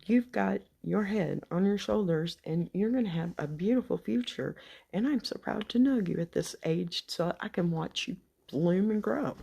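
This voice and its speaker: Gravelly Texan grandma rambling to camera. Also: female voice, medium pitch, normal speed. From Texas. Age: older. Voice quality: gravelly, husky. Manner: rambling, folksy, drifts into soft whispers. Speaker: vlogger. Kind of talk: unscripted chat to subscribers.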